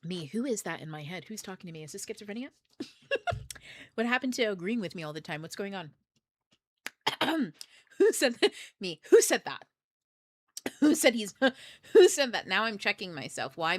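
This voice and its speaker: Woman, book club host, bright tense voice, dry close sound, candid, swears a lot, animated. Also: mid-range voice, dry recording. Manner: candid and profane, swears freely; animated, jumps between thoughts and asides. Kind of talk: casual livestream talk.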